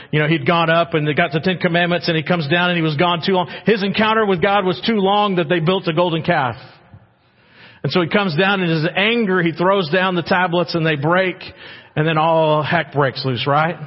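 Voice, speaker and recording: A man preaching a dramatic sermon as a pastor, acting out God's words in quoted lines. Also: a little high. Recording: muffled with long hall reverb.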